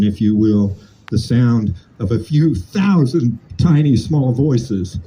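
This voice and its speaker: A man's voice: medium pitch, mellow, a little hiss or hum, low-quality recording. A man in his late sixties giving an impassioned protest speech outdoors, building his points through repetition. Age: 60s. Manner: impassioned, repetitive rhetorical cadence. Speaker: protest speaker. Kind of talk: rally speech.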